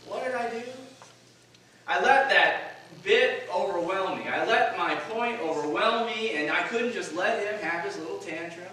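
A man in his forties preaching a sermon, telling a personal story in a self-deprecating way with frequent filler pauses. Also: high-pitched, a crowd in the background. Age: 40s. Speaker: pastor. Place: church sanctuary. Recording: distant, very echoey church recording with noise.

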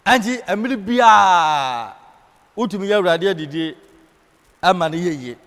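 High-pitched Ghanaian man preaching in a hall. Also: a bit bright. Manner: preaching in Twi, switching to English for scripture and key phrases. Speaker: Bible class teacher. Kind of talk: sermon-style Bible teaching.

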